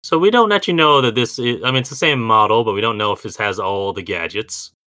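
A man co-hosting a casual podcast chat, animated and talking in quick asides, often laughing. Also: on the low side, no echo. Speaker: podcast co-host.

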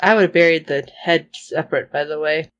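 A woman co-hosting a podcast, reacting to a series with lively, acted-out quotes of characters. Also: low-pitched, fairly quick, muffled recording. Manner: animated, acts out characters' reactions. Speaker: podcast co-host recapping a series. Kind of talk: casual chat.

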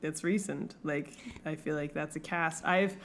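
A young woman co-hosting a podcast in casual chat, animated and laughing often, swearing now and then. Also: low-pitched, a little slow. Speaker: podcast co-host.

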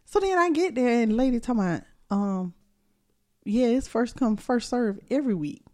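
A woman's voice: a little high, expressive, moderate pace, warm tone. A young woman co-hosting a podcast, chatting casually with a playful, teasing manner. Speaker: podcast co-host. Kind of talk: casual chat.

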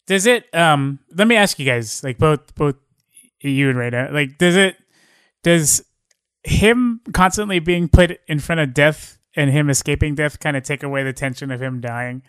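A man's voice: fairly high pitch, moderate pace, fairly bright tone, smooth, dry recording. Hesitant man asking questions. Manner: hesitant, asks questions with many fillers. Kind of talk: casual chat.

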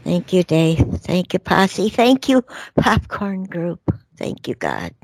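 A woman's voice: on the low side, wildly swooping pitch, vocal fry, a little mellow, dry recording. A woman hosting a spiritual radio talk show, speaking in a soothing, reassuring way as she passes on messages. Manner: soothing, reassuring, drawn-out phrasing.

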